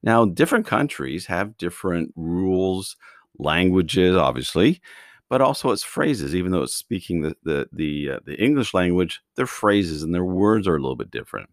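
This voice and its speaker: A man's voice: low voice, very animated, moderate pace, no echo, studio quality. A man from Canada hosting a podcast, telling driving instructor stories in a chatty, playful way. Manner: chatty storytelling with restarts and playful asides. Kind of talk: casual monologue podcast.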